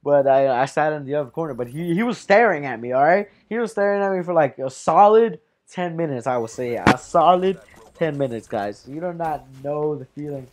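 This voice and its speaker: A fourteen-year-old boy tells his viewers an embarrassing story in a casual, rambling way, swearing and calling out "guys" as he goes. His voice is a little high, with lively intonation, and he talks fairly quickly.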